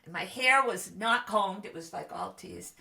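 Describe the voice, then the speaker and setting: A woman's voice: mid-range voice, moderate pace, gravelly, bright, forceful tone, husky. A woman in her seventies telling her own stories in a casual podcast chat, wry and self-mocking. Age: 70s. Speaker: podcast co-host, mother.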